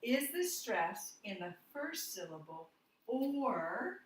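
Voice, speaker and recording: A woman teaching a phonics lesson, walking through each step slowly and spelling out words letter by letter. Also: fairly high pitch, big pitch swings. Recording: echoey room, voice from far off the mic.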